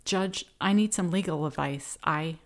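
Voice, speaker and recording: A woman voicing a polite, sweetly persuasive young woman, in her own low voice. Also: a little slow. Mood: sweet coaxing. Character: calm sweet-talking young blonde woman.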